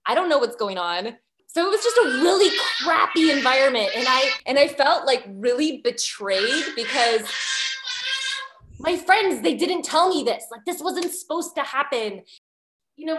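Candid woman with a fairly high voice. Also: noisy background. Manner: candid and lively, acting out her own past thoughts. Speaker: podcast guest. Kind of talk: personal storytelling.

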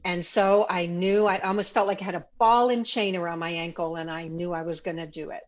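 A woman guest telling a personal story in an interview, reflective and growing animated as she recalls past conversations. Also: lowish voice, brisk, highs cut off.

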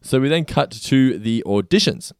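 A man co-hosting a podcast, recapping and teasing his co-host in lively casual chat. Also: mid-range voice, normal speed, clean tone, no echo, studio quality. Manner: animated teasing storyteller.

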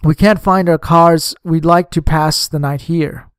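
A man reading an audiobook voices a calm, shrewd male companion who speaks steadily under pressure. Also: on the high side, measured pace, clean tone, no echo, clean studio sound, lightly acted. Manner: steady, cool-headed.

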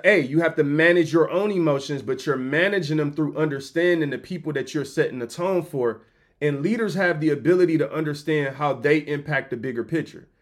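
Animated podcast host, higher voice. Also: male voice. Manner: animated, joking, slangy, acts out voices. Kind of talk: comedic motivational storytelling.

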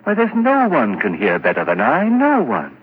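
An actor playing a nervous, guilt-ridden murderer in an old radio drama, stammering and rising to hysteria. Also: male voice, medium pitch, huge pitch swings, normal speed. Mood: earnest. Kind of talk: 1940s radio acting. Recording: muffled old radio broadcast, hiss.

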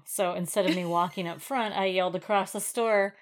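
A woman chatting casually as a podcast co-host, her pitch swinging widely as she tells a story. She laughs often and talks in an easy, animated way. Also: normal speed. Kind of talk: casual chat.

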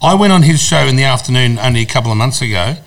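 Australian man, middle-aged, brash crude host, casual chat, mid-pitched. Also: lively intonation, very fast, a bit bright. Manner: blunt, crude and boastful. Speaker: radio host.

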